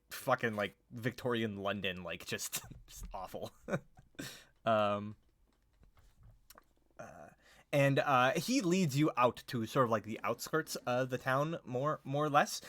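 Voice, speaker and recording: A man's voice: mid-range voice, fairly bright tone. A young man narrating a tabletop game as game master, casual and rambling with lots of fillers.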